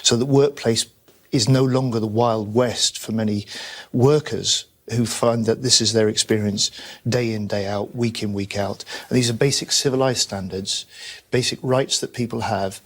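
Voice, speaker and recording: A man's voice: on the low side, steady tone, normal speed. A man speaking as a politician in a broadcast clip, earnest and campaigning. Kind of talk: political speech.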